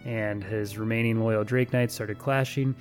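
A man's voice: fairly low pitch, fairly even intonation, measured pace, faint music behind. A man hosting a tabletop role-play podcast as game master, bantering with players and recapping the last session. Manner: joking banter then recapping the story.

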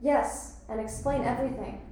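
Actress as a defensive, earnest schoolgirl, slightly high voice, very echoey hall, stage play. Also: steady tone, moderate pace, warm tone, a little hiss or hum, natural voice. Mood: angry. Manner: defensive, insistent. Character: defensive, earnest teen girl student.

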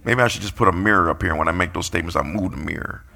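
A man's voice: low voice, racing, vocal fry, pushed and bright. A man preaching a sermon, playfully calling out his congregation and acting out quotes.

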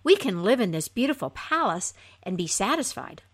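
A woman's voice: mid-range voice, very animated, normal speed. A woman doing a meek, stammering fisherman. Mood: pleading. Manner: hesitant, pleading, stammering. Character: meek, reluctant fisherman husband.

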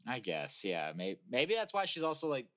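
Lively jokey podcast guy. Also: mid-range voice, moderate pace. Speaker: podcast co-host. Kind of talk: reading fan fiction aloud, casual.

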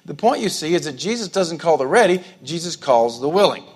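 A man preaching a sermon in a conversational way, often repeating and restarting words, and rising sharply in pitch on emphatic words. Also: very animated, fairly quick, slightly rough. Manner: rises to emphatic high-pitched stresses on key words. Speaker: pastor.

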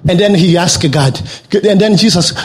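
A man from Africa preaching a sermon as a lively storyteller who repeats words for emphasis. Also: normal speed. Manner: animated storytelling with repeated words and sudden leaps in pitch.

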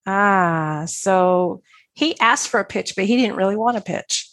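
A woman hosts a podcast interview in a mid-pitched voice. She encourages her guest and laughs often. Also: measured pace, a bit bright. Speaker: podcast host. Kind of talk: interview talk.

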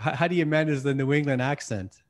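A man's voice: on the high side, fairly even intonation, quick pace. A man from Canada hosting a podcast interview, friendly and chatty, often saying "hey, listen" and "man". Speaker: podcast host.

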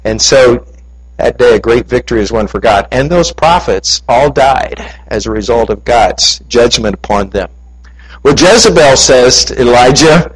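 A man preaching a sermon, retelling a scripture story and reading passages aloud with lively emphasis. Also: medium pitch, normal speed, husky, low-quality recording.

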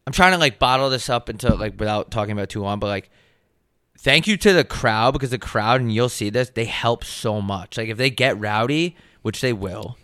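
Bright, crisp-voiced young man chatting loosely. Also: medium pitch, brisk, no echo, clean studio sound. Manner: laid-back, filler-heavy, swears a lot. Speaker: podcast co-host. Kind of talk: casual chat.

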